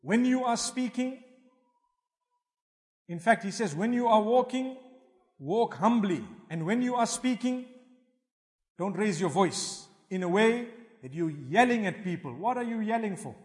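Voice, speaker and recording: A man preaching with a high, light voice that rises and falls animatedly. He drops Arabic religious phrases into his English. The sound rings with the long reverb of a large hall. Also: expressive, a little slow, long pauses. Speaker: Islamic preacher. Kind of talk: sermon.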